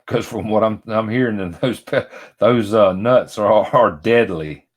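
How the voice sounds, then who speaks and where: Casting: middle-aged man, low voice, folksy rambling vlog chat, addresses viewers by name. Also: unhurried. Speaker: vlogger. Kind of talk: casual chat while unboxing.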